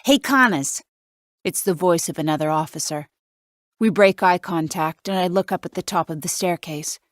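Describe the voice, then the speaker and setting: A woman with a low voice reads a suspense audiobook in first person, wry and measured. The recording is close and dry, with no room sound. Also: steady tone, no room sound. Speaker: audiobook narrator.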